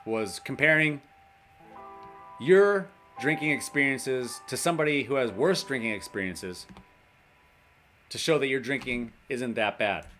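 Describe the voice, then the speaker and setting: A man's voice: mid-range voice, lively intonation, unhurried, pauses often, fairly bright tone, soft background music. A man hosting a casual livestream, reading a list aloud, laughing often and chatting with viewers. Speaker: livestream host in recovery.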